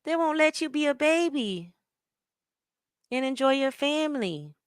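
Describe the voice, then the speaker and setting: A woman's voice: high-pitched, unhurried, dry recording. Sassy woman host, dry close sound. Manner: animated and sassy, lots of slang and laughter. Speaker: show host. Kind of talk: casual commentary reacting to a stream.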